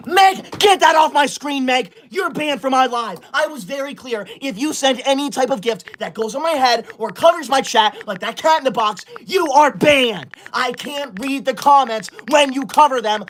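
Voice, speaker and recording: A man in his twenties plays a comedy character: a pompous, bossy young livestreamer who reads super chats and scolds his chat, sounding indignant. His voice is very high and fairly bright, with lively intonation at a moderate pace. There's slight background noise.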